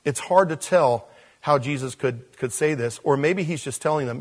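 A man's voice: a little high, moderate pace. A man preaching a verse-by-verse sermon as a pastor, emphatic and repeating phrases for stress.

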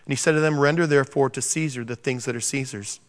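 A man preaching a sermon to a congregation, animated and joking, acting out the scripture quotes. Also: medium pitch, fast talker. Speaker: pastor. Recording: long reverb of a large hall.

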